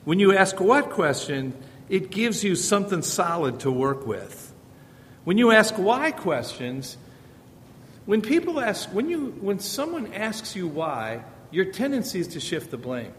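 A middle-aged man with a sing-song, unhurried voice teaches parenting from the Bible in an informal way. Conversational in tone, he returns again and again to rhetorical questions. The recording comes from a reverberant hall with a faint rumble.

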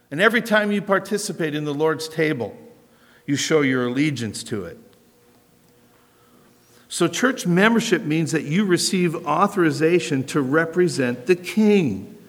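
An American man preaching a sermon in an animated, conversational way, asking rhetorical questions. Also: on the high side. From United States. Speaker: pastor. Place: church sanctuary. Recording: long hall reverb.

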